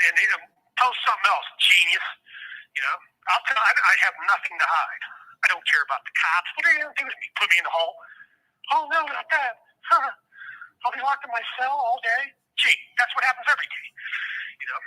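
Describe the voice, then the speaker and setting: A middle-aged man from Ohio, speaking as an inmate guest on a phone interview. His voice sits high for a man and sounds very sharp and tense. He rambles in a heated way and swears often. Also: rough recording.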